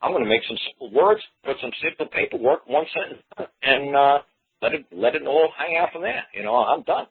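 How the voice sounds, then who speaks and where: A man's voice: mid-range voice, expressive, brisk, husky. Man talking over a tinny phone line. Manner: rambling, folksy, repeats phrases. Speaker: radio show host. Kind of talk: casual talk radio monologue.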